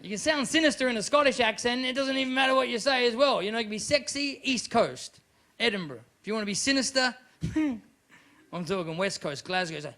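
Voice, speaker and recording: A man from Australia with an Australian accent, doing a live stand-up set in an animated, mocking, profane manner. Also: very high voice, a little fast. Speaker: stand-up comedian. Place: live comedy venue.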